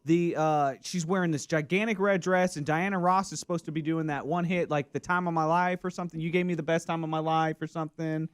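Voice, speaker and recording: A male radio co-host with a slightly high voice casually recounts a story in a chatty way. The sound is dry and close. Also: fairly even intonation, fairly quick, few pauses, smooth, dry recording.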